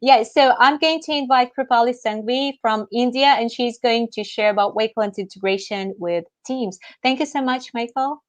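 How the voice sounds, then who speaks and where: Bubbly, high-voiced woman hosting a webinar. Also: normal speed, few pauses. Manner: bubbly, laughs often. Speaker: webinar host.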